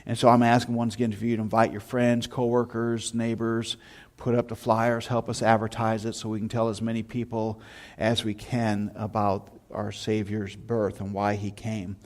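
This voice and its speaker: A man, a pastor, preaching in a church and telling lively anecdotes in a casual sermon style. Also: on the low side, moderate pace. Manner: storytelling, animated anecdotes with shouted imitations. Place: church sanctuary.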